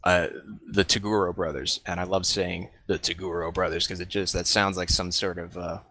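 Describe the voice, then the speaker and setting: A man talking casually on a podcast panel, relaxed, with many fillers and laughs. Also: low-pitched, normal speed. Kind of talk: casual discussion.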